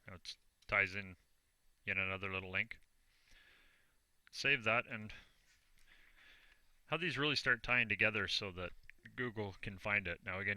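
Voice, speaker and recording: A man's voice: low-pitched, bright, forceful tone, dry recording. A Canadian man talking through a casual screen-recorded tutorial, plain and self-deprecating as he narrates each click. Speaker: online business vlogger.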